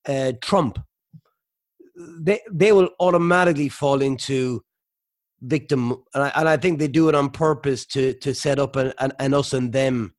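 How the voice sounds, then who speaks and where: A man hosts a radio interview, with a middle-pitched voice. He asks questions in a relaxed, conversational way. His sentences often stall and restart. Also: moderate pace. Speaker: radio host.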